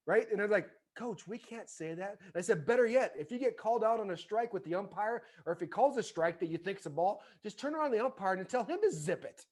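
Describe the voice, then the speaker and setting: Man in his 40s, higher voice, animated storyteller, acts out dialogue. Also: fast talker, few pauses. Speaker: podcast guest, former baseball player. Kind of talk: storytelling in casual conversation.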